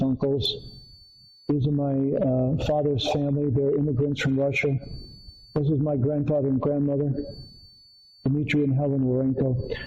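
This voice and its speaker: Speaking in a mellow, fairly high voice, an older artist from Connecticut, USA, walks a live audience through his work in a community arts center meeting room. The recording is muffled. His seminar talk wanders from story to story, with plenty of fillers and false starts.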